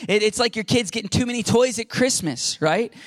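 A middle-aged male pastor telling a story in a conversational, animated sermon, often repeating his words. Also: high-pitched, a little fast, dry recording.

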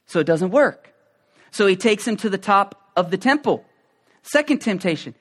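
A man preaching a sermon, going from calm, conversational explanation to loud, emphatic preaching. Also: sits high, moderate pace. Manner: conversational, with fillers and restarts.

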